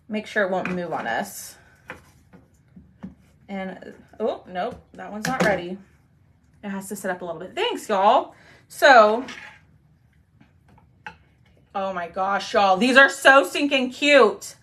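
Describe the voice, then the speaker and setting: A woman's voice: medium pitch, expressive, slow pace, pauses often, a bit bright. A young woman hosting a chatty live craft stream, talking viewers through her work and thanking commenters as she goes. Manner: bubbly, talks to viewers while working, thanks commenters.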